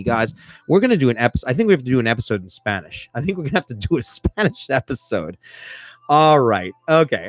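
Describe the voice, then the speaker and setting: A man hosting a live podcast in a casual chat style, animated and self-mocking, and he keeps asking listeners for feedback. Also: mid-range voice, a little fast, no room sound. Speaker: podcast host.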